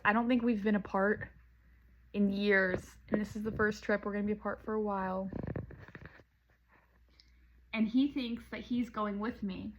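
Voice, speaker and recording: A woman's voice: medium pitch, highs cut off, a little hiss or hum. A woman from Southern California, chatting casually to the camera at home while she packs, rambling with lots of "like" and "um.". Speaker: vlogger.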